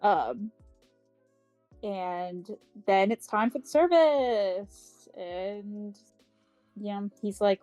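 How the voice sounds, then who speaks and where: A woman's voice: medium pitch, animated, darkish tone, dry recording, muffled recording, soft background music. A woman co-hosting a podcast, recapping a novel in casual, rambling talk full of fillers and the odd swear word. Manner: acts out characters' lines in quick paraphrase. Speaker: podcast co-host. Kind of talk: casual book club chat.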